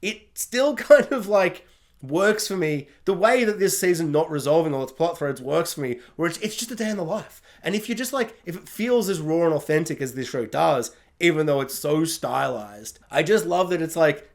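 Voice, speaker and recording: A man giving a casual spoken review of a TV series, chatty and animated, laughing often and talking in loose, filler-heavy sentences. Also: on the high side, moderate pace. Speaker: YouTube TV reviewer.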